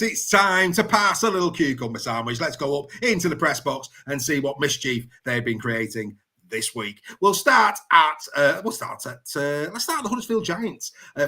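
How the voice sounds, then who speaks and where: Bright-voiced jokey male show host. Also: a little high. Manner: jokey, animated, laughs often. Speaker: podcast host. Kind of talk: casual sports chat.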